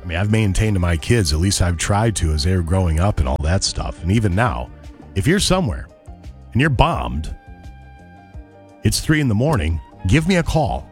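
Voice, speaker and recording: A man's voice: sits low, sing-song, moderate pace, faint music behind. A man hosting a morning radio show, chatty and wry, reading ads and news. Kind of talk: casual radio banter and live reads.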